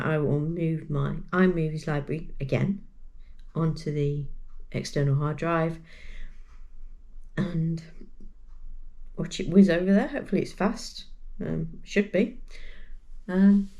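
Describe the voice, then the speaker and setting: A woman in a casual crochet vlog, chatting freely with plenty of ums and side-tracks. Her voice sits a little low and sounds slightly croaky. She talks into a camera mic at her desk. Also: dark tone. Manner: chatty and rambling, with many fillers. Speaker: crochet vlogger.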